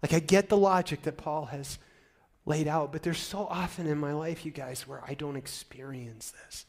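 Animated high-voiced male preacher. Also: moderate pace, creaky. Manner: animated, swings from loud excitement to hushed and choked-up. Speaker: pastor. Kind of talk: sermon.

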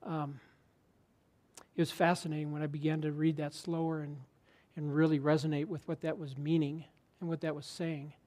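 Earnest pastor, fairly high voice. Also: male voice, little pitch movement, brisk, few pauses. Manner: earnest, conversational, drops to a hushed tone for emphasis. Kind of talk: sermon.

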